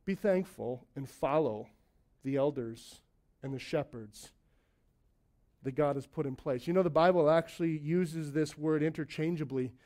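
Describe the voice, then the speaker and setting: Male preacher with a high voice, chatty and joking, leading a small church. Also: unhurried, dark tone. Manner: conversational, joking asides, acts out quoted voices. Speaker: lead elder of a church plant. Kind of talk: sermon.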